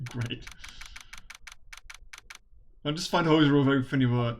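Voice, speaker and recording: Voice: medium pitch, a little slow, pauses often, faint music behind. Amused streamer with laughing asides. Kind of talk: casual let's-play commentary.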